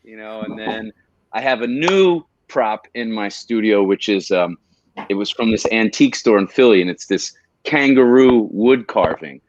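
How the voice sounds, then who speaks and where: A man's voice: lowish voice, lively intonation, moderate pace, lo-fi sound. A man chatting as a podcast guest, eagerly telling rambling stories. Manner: enthusiastic, rambling storyteller. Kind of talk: casual chat.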